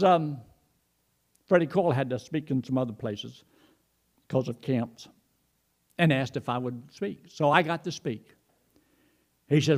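Middle-aged guy preaching, lively up-and-down voice, folksy storytelling. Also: mid-range voice. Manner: animated, folksy anecdotes, retells phone calls in quoted speech. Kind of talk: sermon with storytelling.

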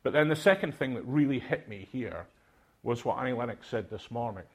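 A man's voice: medium pitch, lively intonation, fairly quick. An older man from Aberdeen with a Scottish accent, speaking to a conference audience in a reflective, hesitant way with many fillers. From Aberdeen, Scotland.

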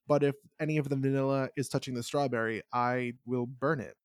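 Jokey, profane podcast co-host. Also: male voice, mid-range voice, steady tone, a little fast, clear, resonant tone, no echo, clean studio sound. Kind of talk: casual podcast chat.

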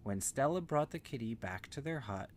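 A man telling an improvised bedtime story to a child in a gentle, meandering way with simple words. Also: mid-range voice, expressive, moderate pace, slight background noise.

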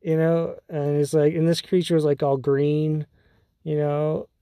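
A man's voice: a little high, level tone, measured pace, dark tone, clear, resonant tone, no echo, studio quality. A man hosting a podcast, telling a story in a casual, rambling way with many fillers and restarts. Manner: rambling, full of fillers and restarts, laughs often. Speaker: podcast host.

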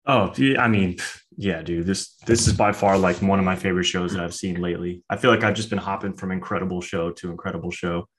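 A man's voice: deep voice, fairly even intonation, fast talker, few pauses. A man co-hosting a podcast, talking in a laid-back, chatty way with lots of casual filler. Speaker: podcast co-host. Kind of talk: casual chat.

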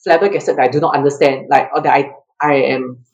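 A Singaporean woman, a track athlete, shares stories as a guest in a relaxed interview, talking quickly with the high frequencies cut off. She's lively and laughs a lot, and her pitch leaps upward whenever she acts out quotes.

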